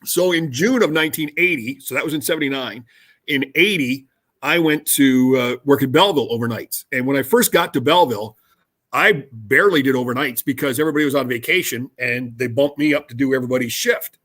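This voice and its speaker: This is a man, a radio host spinning a story. His voice sits at an ordinary mid pitch. He moves through the tale in a relaxed, chatty way. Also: a little fast. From Canada. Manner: animated anecdote telling with laughs. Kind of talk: conversational storytelling.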